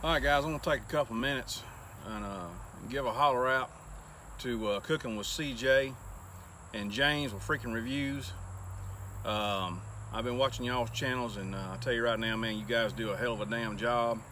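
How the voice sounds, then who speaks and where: A man's voice: mid-range voice, normal speed, sharp tone, slight background noise. A man doing a casual taste test with crude folksy humor, out of breath from working. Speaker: taste tester on a cooking channel.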